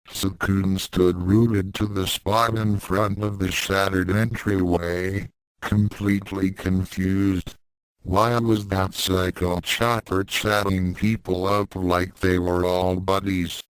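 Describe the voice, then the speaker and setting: Calm male story narrator, deep smooth voice, dry close recording. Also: slow, no room sound, low-quality recording. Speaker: fan fiction reader.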